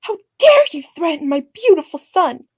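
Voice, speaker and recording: A snooty entitled mother with a sharp, condescending voice that rises high and swings widely, as a woman acts her out. She sneers and dismisses everyone, dry and close to the mic. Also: sing-song, normal speed, no room sound. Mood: haughty.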